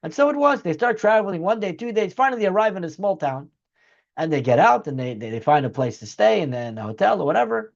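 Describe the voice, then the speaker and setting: A man's voice: high voice, big pitch swings, fast talker, vocal fry, lo-fi sound. A man teaching as a rabbi, telling a story in an earnest way and acting out its dialogue. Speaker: rabbi teaching a weekly class. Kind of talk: storytelling lecture.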